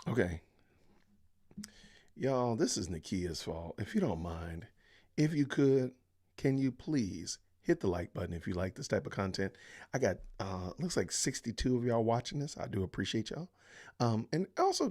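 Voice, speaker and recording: A man's voice: moderate pace, slightly rough. A man hosting a live-stream podcast, reacting with exasperated commentary, sighing and talking to his viewers. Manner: exasperated, sighing, lively pitch swings. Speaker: podcast host.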